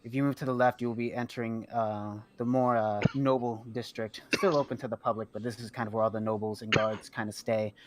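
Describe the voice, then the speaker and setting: A man's voice: lowish voice, flat delivery, fairly quick, hardly any pauses, heavy background noise, lightly acted. A man voicing a polite, helpful female hostess at an adventurers' guild in a tabletop game, full of small fillers. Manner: helpful, gives directions with many fillers. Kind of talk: tabletop role-play voice.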